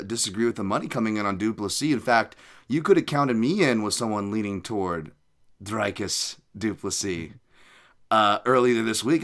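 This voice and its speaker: A man's voice: fairly low pitch, a bit bright. A man hosting a podcast, rambling casually with jokes and profane asides. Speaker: podcast host.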